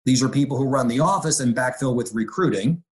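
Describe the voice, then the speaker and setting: Middle-aged man, executive guest, energetic and animated, acts out dialogue. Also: mid-range voice, a little fast. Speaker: real estate executive. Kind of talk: conversational interview.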